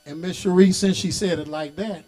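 High-voiced preaching bishop. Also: male voice, fairly even intonation, normal speed. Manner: preaching, rising into shouts and sing-song calls; folksy, talks back to the congregation. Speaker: bishop and pastor. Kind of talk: sermon.

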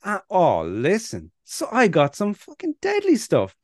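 A man with an Irish accent, co-hosting a casual podcast chat in an animated way, swearing and laughing often. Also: sits high, measured pace, no room sound, clean studio sound. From Ireland. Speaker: podcast co-host.

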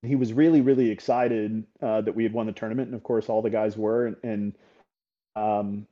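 A middle-aged paintball coach talking as a podcast guest, candid and blunt, swearing freely and often checking in with "right?". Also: male voice, fairly low pitch, fairly even intonation, normal speed, dark tone. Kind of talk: casual interview talk. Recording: slightly dull podcast audio.

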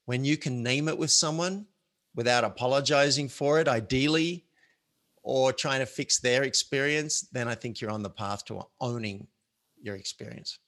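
Male host, bright forward tone, earnest reflective chat, explains with analogies. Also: medium pitch, normal speed. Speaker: author and show host. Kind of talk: casual conversational chat.

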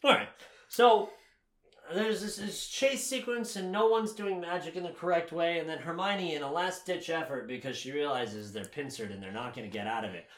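A man in casual chat, recapping a film with animated, exasperated, sweary ranting. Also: fairly high pitch, normal speed. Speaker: podcast co-host recapping a film. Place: home room, packing to move.

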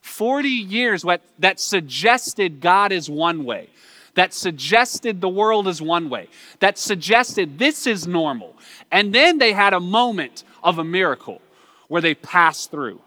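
A man's voice: high voice, expressive, measured pace, bright, forceful tone, dry recording, studio quality. A man with a Southern US accent preaching a sermon in a conversational way, asking the listeners rhetorical questions.

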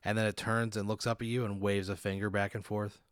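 A man's voice: on the low side, level tone, brisk, clear, resonant tone, no room sound, clean studio sound. A man hosting a podcast, casually narrating a made-up scenario to his guest, laid-back and chuckling as he sets each scene. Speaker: podcast host narrating a hypothetical. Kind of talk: casual improvised storytelling.

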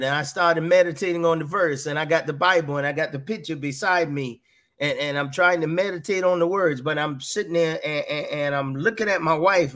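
A man's voice: fairly high pitch, fairly bright tone. A middle-aged man earnestly telling a personal faith testimony, often repeating his words as he goes. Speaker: guest sharing a faith testimony.

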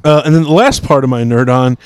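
Man, podcast host, casual rambling, lots of uh and restarts, mid pitch, dry room. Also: fast, clean tone, no echo. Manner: rambling with many fillers and restarts, laughs easily. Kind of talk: casual chat.

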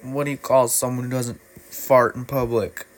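Man voicing a sleazy fart, flirtatious, smooth talking, slight background hiss. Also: mid-range voice, little pitch movement, moderate pace, close to an everyday voice. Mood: smarmy. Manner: smarmy, flirtatious.

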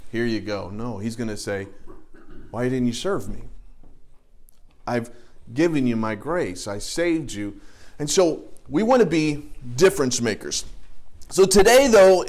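A middle-aged man teaching a Bible class, preaching in a conversational way with everyday illustrations. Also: on the high side. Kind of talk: sermon.

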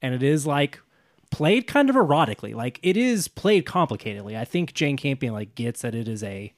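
A man co-hosting a casual film podcast, animated and rambling, laughing often as he talks. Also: medium pitch, brisk, no echo, clean studio sound. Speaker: podcast co-host.

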